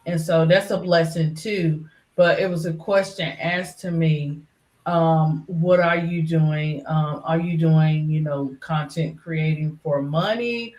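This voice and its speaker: A woman's voice: low-pitched, fairly even intonation, slow, a little mellow, roomy sound. A middle-aged woman who is a regular on a livestream panel, talking in a casual, rambling way full of fillers. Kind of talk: casual chat.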